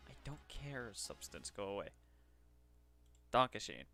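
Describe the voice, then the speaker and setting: Chatty man streaming, bright voice. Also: fairly low pitch, measured pace, soft background music. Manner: chatty, self-deprecating, talks to himself while working. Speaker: streamer doing 3D modeling commissions. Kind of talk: casual livestream commentary.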